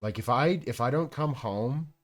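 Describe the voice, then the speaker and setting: Male streamer, mid-range voice, rambling banter: low mumbles to himself, sudden loud joking bursts. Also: normal speed. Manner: joking and rambling, jumping between mumbling asides and loud outbursts. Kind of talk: casual live-stream chat.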